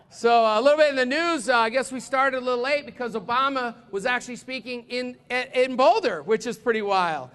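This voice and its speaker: Brief: young American stand-up comic, very high voice, lively stage delivery into a handheld mic. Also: male voice. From United States. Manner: energetic, puts on quick character voices. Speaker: stand-up comedian. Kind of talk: stand-up comedy set. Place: comedy club stage.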